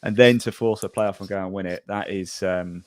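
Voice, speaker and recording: A man's voice: deep voice, fairly even intonation, moderate pace, no room sound. A man hosting a golf podcast, chatting casually and reading out scores with fillers and laughs. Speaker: podcast host. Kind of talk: casual golf news chat.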